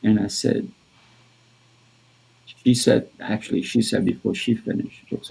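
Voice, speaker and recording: Gravelly low-voiced man telling stories. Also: little pitch movement, warm tone, low-quality recording. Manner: halting, repeats words, laughs easily. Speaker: podcast co-host. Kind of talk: casual conversational storytelling.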